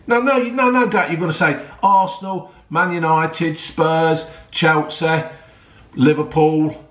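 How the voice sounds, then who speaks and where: A man's voice: fairly high pitch, steady tone, slow pace, fairly bright tone, reverberant. A middle-aged man, ranting heatedly about football, swearing often and rambling with lots of "right?" and "yeah?". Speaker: football vlogger. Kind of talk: ranting vlog.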